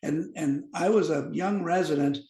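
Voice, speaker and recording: Recorded in an echoey room, this man in his fifties is a physician being interviewed on a podcast. Speaking a little high at a moderate pace, he shares lively medical stories and acts out the quoted dialogue.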